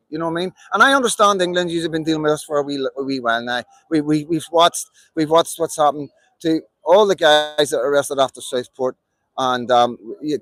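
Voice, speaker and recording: A man from Northern Ireland speaks with a Belfast accent in a raised, fairly high voice. He talks straight to his audience in a live-stream monologue, hammering his points with emphatic repetition. The sound is close and dry, with no room around it. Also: fairly bright tone, no room sound, rough recording.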